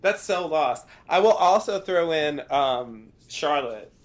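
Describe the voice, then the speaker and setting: Man, slightly high voice, podcast co-host, animated, joking, laughs a lot. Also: slow. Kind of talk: casual TV discussion podcast.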